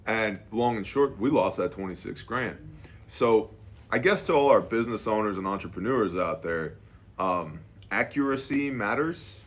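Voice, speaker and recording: This man, a business owner, has a fairly low voice and speaks at a moderate pace over slight background noise. He tells a casual story in an animated way, acting out the dialogue with lines like "I'm like" and "she's like."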